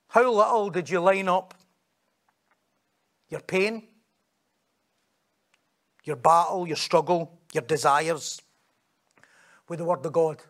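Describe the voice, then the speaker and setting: A Scottish man preaches a sermon in a high, gravelly voice. He tells stories, jokes along the way and acts out the people he quotes. It is a lively sermon to a congregation.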